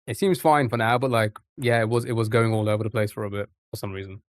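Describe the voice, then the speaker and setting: A man's voice: on the low side, fairly even intonation, fast, no room sound, studio quality. Chatty English man streaming live. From England. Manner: chatty, rambling, reacting to chat. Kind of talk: casual live-stream chat.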